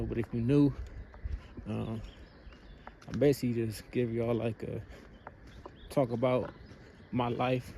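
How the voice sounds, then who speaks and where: A man's voice: medium pitch, dark tone, a little hiss or hum. Laid-back slangy man vlogging outdoors. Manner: laid-back slangy talk with many fillers. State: out of breath. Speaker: motivational vlogger. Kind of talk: casual vlog talk. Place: outdoors in remote countryside.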